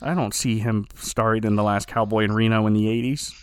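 A man's voice: lowish voice, a little fast, clear, resonant tone, no echo. A man in casual chat, animatedly recapping a TV episode and acting out quotes. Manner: animated storyteller, acts out quotes, laughs often. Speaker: podcast co-host.

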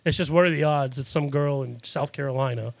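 A man's voice: mid-range voice, a little fast, creaky, no echo. A man from Massachusetts hosting a casual podcast chat, telling rambling stories and laughing often. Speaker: podcast host.

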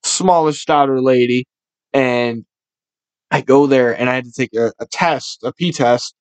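A young man hosting a casual podcast, telling rowdy stories full of swearing and animated voices for the people in them. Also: mid-range voice, measured pace, clear, resonant tone, no room sound. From Buffalo, New York area. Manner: loud, swearing, storytelling with animated impressions. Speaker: podcast host.

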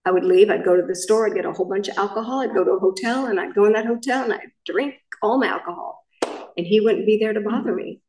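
A woman's voice: medium pitch, fast, darkish tone, reverberant, recorded from a distance, poor audio. A middle-aged woman from Southern California gives a personal recovery share as main speaker at a meeting, talking in a candid, rambling way and correcting herself as she goes.

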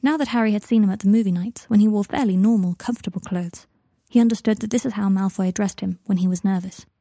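A woman narrating a story aloud in a calm, even storytelling manner. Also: medium pitch, fast, no room sound. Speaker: reader. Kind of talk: audiobook narration of fiction.

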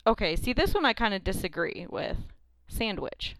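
Animated woman, smooth voice. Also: medium pitch, moderate pace, no room sound. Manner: animated, teasing, exclaims in disbelief. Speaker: podcast co-host. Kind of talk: casual chat.

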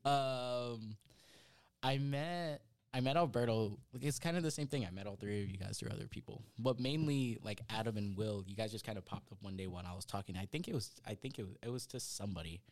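A man's voice: fairly low pitch, a little fast, darkish tone. Rambling young man, laughing co-host. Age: young adult. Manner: rambling, restarts sentences, laughs often. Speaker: podcast co-host. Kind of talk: casual chat.

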